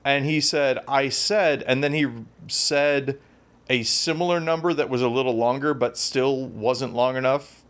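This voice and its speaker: A man's voice: mid-range voice, unhurried, a bit bright. A man co-hosting a podcast in casual chat, telling rambling self-deprecating stories full of fillers. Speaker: podcast co-host.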